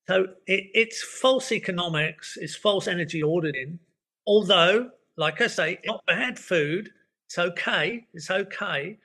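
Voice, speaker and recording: Bright-toned older man musing casually. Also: a little high. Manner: reflective, rambling, many restarts and "you know" fillers. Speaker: permaculture educator, podcast guest. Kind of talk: casual interview conversation.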